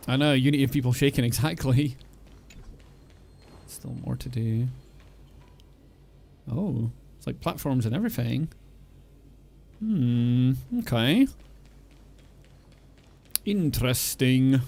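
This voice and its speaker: A man's voice: mid-range voice, animated, takes it slowly, gravelly, pauses often, a little mellow. A man streaming a game, making casual commentary, laughing and joking as he reads along. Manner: chuckling, joking, reading aloud. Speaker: gaming streamer. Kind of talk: casual let's-play commentary.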